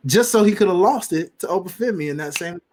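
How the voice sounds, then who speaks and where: A man co-hosting a wrestling podcast with a somewhat high voice. He talks casually in slang. He acts out lines in voices as he goes. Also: fast. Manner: animated, slangy, acts out quotes in funny voices. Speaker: podcast co-host.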